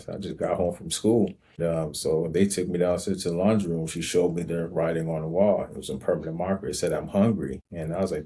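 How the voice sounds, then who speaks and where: Male storyteller, low dark husky voice, slow reflective delivery, personal monologue. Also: fairly even intonation. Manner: slow, reflective, with frequent ums. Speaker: host telling his own story.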